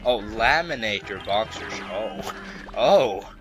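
A man's voice: fairly low pitch, expressive, moderate pace. A young man giving casual, rambling commentary as a let's play host, full of playful jokes and asides. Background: game music.

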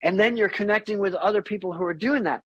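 Middle-aged man, podcast guest, animated and candid, somewhat high-pitched, dry close sound. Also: quick pace, breathy edge, dry recording, lo-fi sound. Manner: animated, candid, swears freely, acts out quoted voices. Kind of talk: casual interview conversation.

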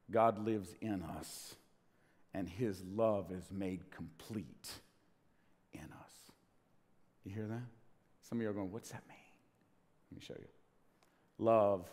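Impassioned pastor in a reverberant hall. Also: male voice, fairly low pitch. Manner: swings from hushed to loud, impassioned. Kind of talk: sermon. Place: church sanctuary.

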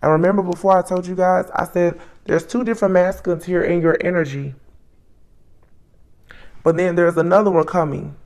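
A woman giving a solo tarot reading, musing aloud as she names each card, with soft exclamations along the way. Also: on the low side, steady tone, normal speed. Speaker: tarot reader.

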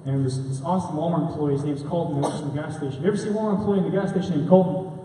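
Young man, slangy storytelling sermon, mellow voice, faint room ambience. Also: a little high, rapid-fire, slight background noise. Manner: casual storytelling, slangy, animated. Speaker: student speaker. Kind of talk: testimony sermon at a rally. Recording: echoey hall from far off.

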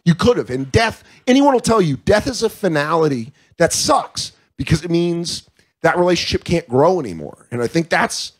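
Guest: man, somewhat high voice, frank and profane, casual chat. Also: sing-song, moderate pace. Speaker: comedian guest. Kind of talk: candid casual interview talk. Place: comedy club.

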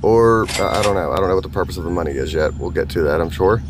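A deep-voiced man talks fast as he hosts a gaming channel, offering goofy, crude commentary on the gameplay and breaking into silly voices. Game music and sound effects play behind him, along with some background noise.

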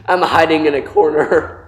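A man's voice: a little high, steady tone, moderate pace, echoey room, faint music behind. A man hosting a let's-play, yelping, shrieking and laughing in mock terror as he is chased. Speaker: gaming channel host. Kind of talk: panicked let's-play commentary.

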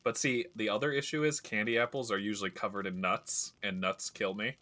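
A man's voice: lowish voice, fast, hardly any pauses, bright, forceful tone. A man streaming a video game, chatting casually and rambling through stories as he plays. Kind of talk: casual gameplay commentary.

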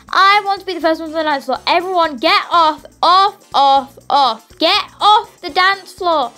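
Young woman gamer, super high swoopy voice, squeals and yells a lot. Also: normal speed, few pauses, faint music behind. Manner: excitable, squealing and shouting bursts. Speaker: gaming YouTuber. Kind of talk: let's play commentary.

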